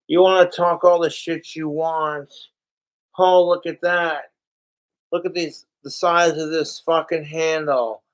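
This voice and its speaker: Slow-talking profane man ranting. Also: a little high, clean tone, low-quality recording. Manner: profane, rambling, venting. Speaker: vlogger. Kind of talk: rambling casual rant to camera.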